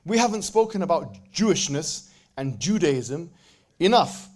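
A man giving a religious lecture with jokes, reciting scripture verses in quick bursts between his explanations. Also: fairly high pitch, sing-song, darkish tone. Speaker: preacher.

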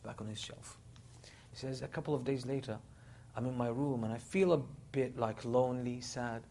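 A man delivers a sermon in an ordinary mid-range voice, retelling a story and acting out the people in it with dramatic emphasis. A faint low rumble sits under the recording. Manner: animated retelling, quoting others in a dramatic voice. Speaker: Islamic preacher.

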